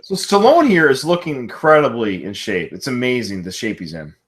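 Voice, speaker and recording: Animated laughing man on a podcast. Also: mid-range voice, a little fast. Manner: laughs often, quotes movie lines with excitement. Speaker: podcast co-host. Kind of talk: casual film discussion.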